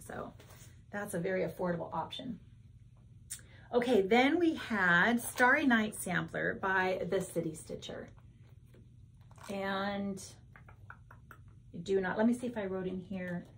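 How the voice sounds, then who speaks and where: A woman's voice: mid-range voice, vocal fry, slight background noise. A woman in her sixties chatting casually as she shows her stitching projects, thinking aloud and correcting herself as she goes. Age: 60s. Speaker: cross-stitch vlogger. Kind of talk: casual show-and-tell chat.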